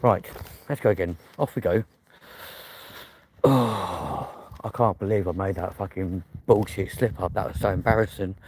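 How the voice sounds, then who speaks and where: A young Englishman vlogs live while walking outside at night, holding his phone at arm's length to film. His low voice is a little mellow and moves at a moderate pace, with a slight hiss or hum in the background. He chats away as the stream's host, often swearing and poking fun at himself.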